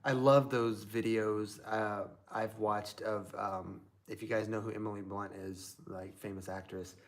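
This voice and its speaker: Chatty rambling man, lowish voice. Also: flat delivery, unhurried. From Southern Indiana. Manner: rambling, chatty, many fillers. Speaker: live stream host. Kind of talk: casual live stream chat.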